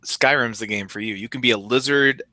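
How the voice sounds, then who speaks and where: A man's voice: mid-range voice, brisk, bright, forceful tone, no echo. A young man co-hosting a podcast, making dry, wisecracking asides in casual gaming chat. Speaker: podcast co-host.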